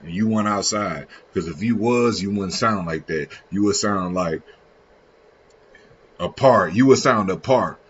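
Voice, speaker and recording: Male streamer, low-ish voice, slangy rambling reaction talk, muffled stream audio. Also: measured pace, slight background noise. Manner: rambling, slangy, frequent restarts. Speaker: live streamer. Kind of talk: casual reaction commentary. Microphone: streaming setup.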